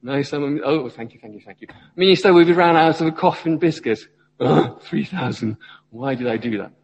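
A man's voice: a little high, steady tone, a little fast, in a large hall, highs cut off, close to an everyday voice. A man acting out a weary male minister who thanks people after his sermon. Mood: mock weary. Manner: mock-modest, then groaning.

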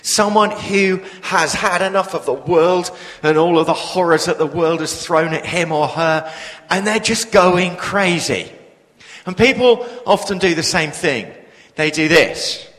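A man preaching a sermon, telling a story in an animated way and dropping to a hush at emotional moments. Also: fairly high pitch, a little slow. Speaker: preacher and police chaplain. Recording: long hall reverb.

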